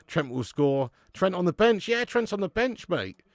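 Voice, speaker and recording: A chatty young man hosts a live football watch-along, reading out viewer comments and laughing between remarks. His voice sits fairly high and swings widely in pitch, with a gravelly creak. The sound is dry and close. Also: sing-song, a little slow, no echo. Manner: chatty and laughing, swears freely, calls viewers mate.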